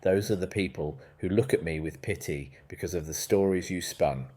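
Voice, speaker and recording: A man voicing a blunt, composed woman gardener in a storybook reading, speaking in a flat, firm, matter-of-fact way. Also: low voice, moderate pace.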